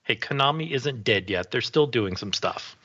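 A man's voice: medium pitch, animated, moderate pace, bright, forceful tone, husky. A man co-hosting a podcast in casual chat, often hesitant and restarting his words. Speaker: podcast co-host. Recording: dull lo-fi sound.

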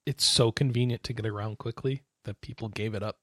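A man co-hosting a gaming podcast in casual chat, excitable and quick to exclaim. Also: lowish voice, slightly rough, no room sound, studio quality. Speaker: podcast co-host.

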